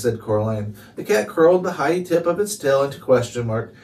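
A man narrating a chapter book aloud in calm, steady read-along storytelling. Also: medium pitch, brisk. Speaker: storybook reader. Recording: distant mic, faint hiss.

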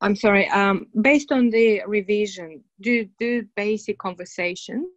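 A woman's voice: mid-range voice, measured pace, no room sound, highs cut off. A woman student in an online class, speaking hesitantly and repeating words.

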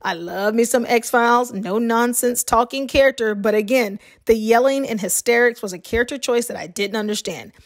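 A woman from the American South with a light Southern accent, reading a film review in a measured, scripted way. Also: fairly high pitch. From Southern United States.

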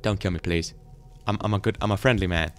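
A young man giving jumpy, frightened let's play commentary, often breaking into loud exclamations. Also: low voice, fairly even intonation, fast, no echo. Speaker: gaming YouTuber.

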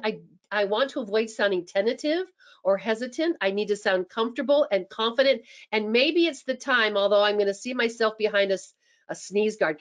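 A woman giving a webinar presentation as a dental practice consultant, chatty and animated, acting out sample phone scripts. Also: medium pitch. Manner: chatty, with frequent restarts.

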